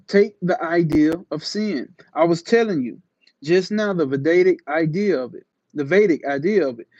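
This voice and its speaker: Male channel host, fairly high voice, emphatic reading broken by slangy asides, dry dull recording. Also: a little mellow, no room sound. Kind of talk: reading aloud with casual commentary.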